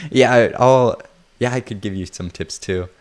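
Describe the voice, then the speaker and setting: A man's voice: mid-range voice, takes it slowly. A man casually chatting on a livestream while he works on a build, rambling and joking at his own expense. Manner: rambling, self-mocking, chuckles often.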